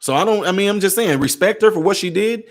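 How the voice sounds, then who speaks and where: A man vlogging a casual commentary rant, animated and sarcastic, with frequent stammered restarts. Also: sits high, fast talker.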